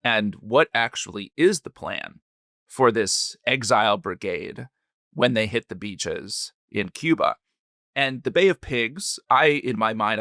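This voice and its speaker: A man's voice: medium pitch, sharp tone, no echo, clean studio sound. A man co-hosting a podcast, playful and teasing, explaining history in casual chat. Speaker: podcast co-host.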